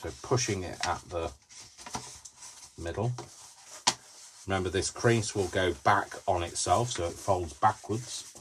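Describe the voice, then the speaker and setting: A man's voice: sits low, a little slow, long pauses, background noise. A man hosting a live paper-folding craft demonstration, chatty and giggly, tired and giddy from lack of sleep, often talking to himself as he works. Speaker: crafting video host.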